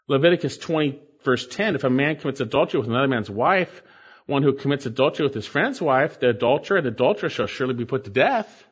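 A male pastor delivers an expository sermon in a high voice that swings widely in pitch. He stresses key phrases by repeating them. The recording sounds muffled and lo-fi. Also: breathy edge.

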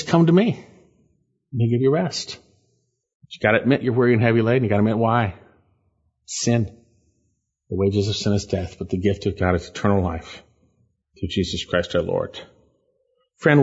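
A man preaching a sermon, earnest and emphatic, slowing down to stress phrases and pleading with listeners. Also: mid-range voice, husky, lo-fi sound.

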